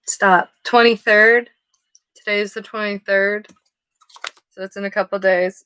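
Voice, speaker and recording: A woman's voice: high voice, fairly bright tone, no echo. A woman giving a casual tarot reading who rambles off-topic, swears freely and laughs at herself. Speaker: tarot card reader.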